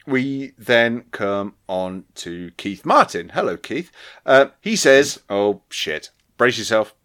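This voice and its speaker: A man's voice: mid-range voice, big pitch swings, slow pace, a bit bright. A man co-hosting a podcast, reading out listener comments, laughing often, stumbling over restarts and swearing casually. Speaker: podcast co-host.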